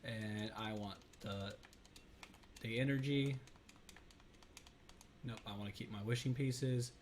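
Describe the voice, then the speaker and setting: A man's voice: fairly low pitch, steady tone, slow pace, slight background noise. A man hosting a let's play, giving casual gameplay commentary in a rambling, self-correcting way with lots of fillers.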